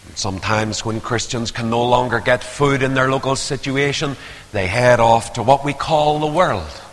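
An older man preaching a sermon, swinging from hushed asides to loud, rising appeals. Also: mid-range voice, normal speed. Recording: long hall reverb.

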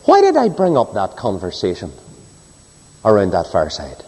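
Impassioned preacher in a reverberant hall. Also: male voice, huge pitch swings, moderate pace, slightly rough. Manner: impassioned, swinging between soaring high cries and low hushed drops. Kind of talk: sermon with scripture reading.

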